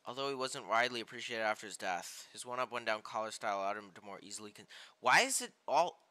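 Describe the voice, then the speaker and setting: A young man streaming a game live, reacting with loud outbursts and reading game text aloud. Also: on the low side, animated, quick pace. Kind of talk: live gameplay commentary. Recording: game music behind voice.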